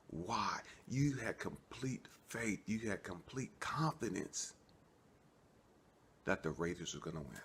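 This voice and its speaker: A man's voice: sits low, slow pace, slight background noise. A man from California preaching casually to camera, telling stories with street slang and acting out both sides of a conversation. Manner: animated storytelling, acts out both sides of a talk; streetwise slang, keeps asking "you know what I mean". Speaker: online preacher.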